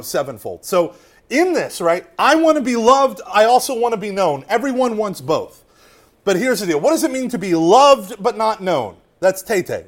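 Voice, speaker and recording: A man with a high, bright voice preaches to a live room in a lively, conversational way. His pitch leaps around as he swings from near-shouted emphasis to quiet asides, tossing in "right?" again and again. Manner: animated, swinging from loud to hushed, tag questions like "right?". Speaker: Catholic speaker. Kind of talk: lively faith talk to a live audience.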